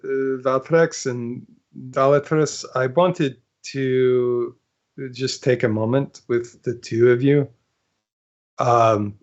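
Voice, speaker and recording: A man playing his character in a tabletop game, speaking earnestly with many pauses and fillers. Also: fairly low pitch, darkish tone, highs cut off. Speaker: player. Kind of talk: in-character tabletop role-play.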